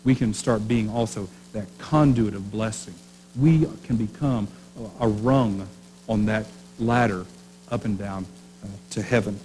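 A man's voice: fairly low pitch, unhurried, a little mellow, slight background noise, poor audio. A man preaching a sermon as pastor, speaking conversationally with rhetorical questions and frequent restarts.

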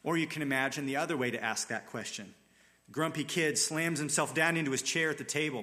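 A man's voice: mid-range voice, quick pace, sharp tone. A man preaching a sermon, telling the scripture story in an earnest, dramatic way. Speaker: pastor.

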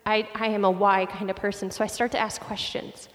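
A woman pastor in her late twenties, preaching a sermon with animated, self-deprecating personal stories. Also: mid-range voice, fairly quick, big-room sound.

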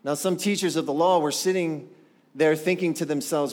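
An animated male pastor preaches a sermon in a church sanctuary, his voice on the high side and his pace moderate. He poses rhetorical questions to the congregation, and the echoing hall adds long reverb.

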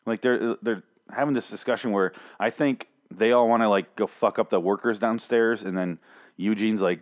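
A man's voice: fairly low pitch, fairly even intonation, moderate pace. A man rambling through a casual solo recap of a TV episode, profane, joking and self-mocking.

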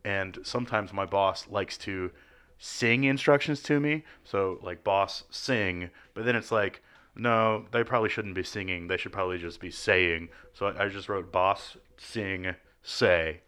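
A man co-hosting a podcast, giving a rambling, deadpan comic recap in casual chat. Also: on the low side, moderate pace, smooth. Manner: rambling, deadpan jokey storytelling. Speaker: podcast co-host.

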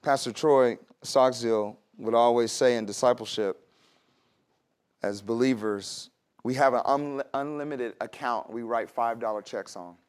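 A man's voice: medium pitch, measured pace, smooth. Conversational man preaching a sermon. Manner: conversational preaching with laughs and asides. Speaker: pastor.

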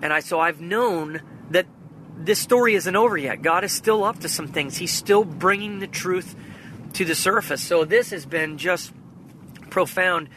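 Earnest man telling a story, bright voice. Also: high-pitched, unhurried, a little hiss or hum. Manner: earnest storytelling, retelling a phone call. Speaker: vlogger. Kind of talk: personal faith vlog.

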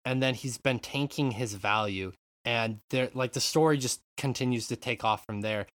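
Brief: male podcast host, mid-pitched, dry close sound, chatty and animated. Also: moderate pace, dry recording. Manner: animated, swears freely, rambling asides. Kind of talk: casual chat.

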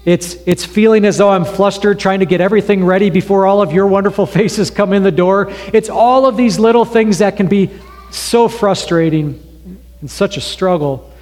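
A man preaching a sermon in a church, telling an illustration story in a conversational way with pauses. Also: high voice, a little mellow. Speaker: pastor. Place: church sanctuary. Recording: long reverb of a hall.

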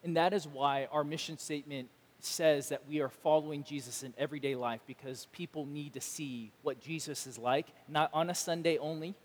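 A man pastor preaching a sermon, animated and emphatic, acting out imagined dialogue. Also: fairly high pitch, moderate pace, few pauses, big-room sound.

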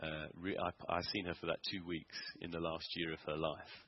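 A man preaches in a church, telling his story in an earnest, halting way. His voice sits very low and sounds husky. The recording is dull and muffled. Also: flat delivery. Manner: earnest storytelling with many ums and restarts. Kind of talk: sermon testimony.

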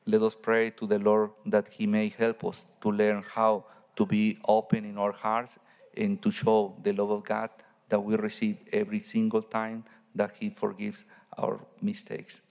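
A man, a Catholic priest, giving a homily in halting English and searching for his words. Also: on the low side, monotone, vocal fry, a little mellow, long reverb tail.

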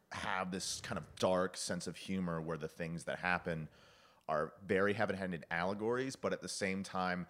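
A very deep-voiced man in a relaxed podcast conversation. He tells stories with energy and often slips into quick impressions of the people he describes. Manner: animated storytelling, acts out quoted lines, laughs often. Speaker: podcast guest discussing film. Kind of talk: casual chat.

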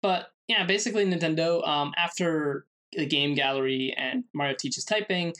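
A man co-hosting a podcast, presenting a researched segment in casual chat, halting with many fillers and restarts. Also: fairly high pitch, pushed and bright. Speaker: podcast co-host.

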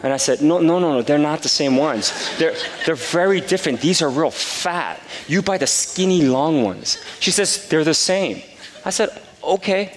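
A man preaching a sermon as a pastor, telling a personal story with animated, acted-out dialogue in a loud voice. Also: on the high side, normal speed, slight background noise. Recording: long hall reverb.

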